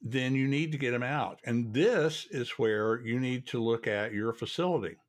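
A man's voice: medium pitch, moderate pace. A man, a podcast host telling folksy stories from his work in radiology. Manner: folksy, storytelling, chatty. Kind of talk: casual chat.

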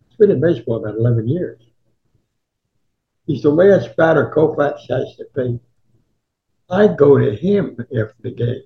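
A man's voice: mid-range voice, narrow, tinny audio. A man in his nineties from New Jersey, telling old anecdotes and acting out the voices of people he quotes. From Newark, New Jersey, USA. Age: 90s. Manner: animated storyteller who acts out quoted voices. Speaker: sportswriter guest. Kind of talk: anecdotal storytelling.

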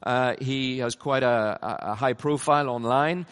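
A middle-aged man preaching a conference sermon, emphatic, swinging from loud passionate peaks down to low, quiet lines. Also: a little slow, clean tone. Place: large conference hall. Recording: long hall reverb.

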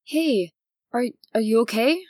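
A woman's voice: on the high side, lively intonation, measured pace, warm tone, husky, dry recording, studio quality, voice pushed up. A woman voicing a nervous but kind young woman in a tabletop game, stammering and hesitant.

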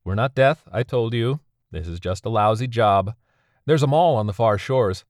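A man's voice: lowish voice, animated, moderate pace, a little mellow, no echo, close to an everyday voice. A man voicing a sardonic woman who captains an underworld ferry, speaking in a dry, weary, matter-of-fact way.

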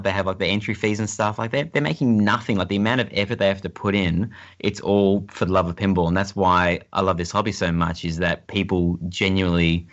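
A man's voice: low-pitched, a bit bright, highs cut off. An Australian man chatting casually as a podcast guest, rambling with lots of fillers and restarts.

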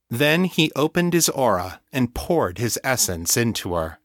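A man reading an audiobook story in calm, measured scripted narration. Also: medium pitch, no room sound, studio quality.

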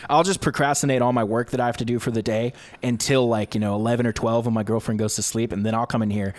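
A young man, a video creator, talking through his work process in a relaxed, chatty interview. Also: medium pitch, fast talker, dry recording. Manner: explains step by step, relaxed and talkative. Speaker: YouTube creator, guest. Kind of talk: casual conversational interview. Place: home studio room.

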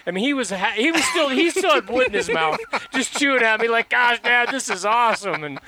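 A middle-aged man at a hunting camp, telling a story in a casual, animated way and laughing often. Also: extremely high pitch, quick pace, a crowd in the background.

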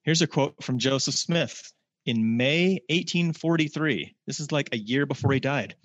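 A man teaching a casual scripture lesson, reading verses slowly and adding plain-spoken asides. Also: mid-range voice, dry recording. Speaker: religious teacher. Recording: dull lo-fi, dry sound.

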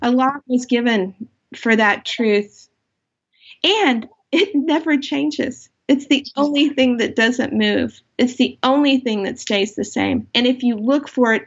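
A woman's voice: fairly high pitch, a little slow, husky. Earnest, impassioned middle-aged woman. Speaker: author guest. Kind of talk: faith-based podcast conversation. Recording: dull lo-fi sound.

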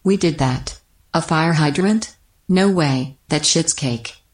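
A low-voiced, deadpan company voicemail greeting, as a woman puts it on. She reads absurd official statements in a matter-of-fact corporate manner. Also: slow pace. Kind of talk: comedic scripted voicemail.

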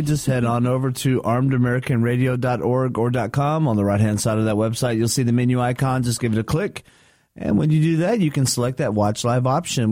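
Relaxed man with a dry sound. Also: mid-range voice, no echo. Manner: relaxed, hesitant fillers. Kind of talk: casual radio chat.

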